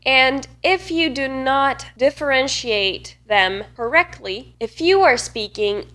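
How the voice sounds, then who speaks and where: A woman's voice: fairly high pitch, a bit bright. A woman from northeast Italy, a native Italian speaker with an Italian accent, teaching a pronunciation lesson and carefully stretching out each sound to demonstrate it. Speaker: language teacher.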